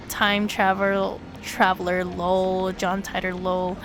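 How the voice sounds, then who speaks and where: A woman streamer reading a visual novel aloud, with sudden excited leaps in her voice. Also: normal speed, slight background noise. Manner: animated reading with sudden high excited jumps.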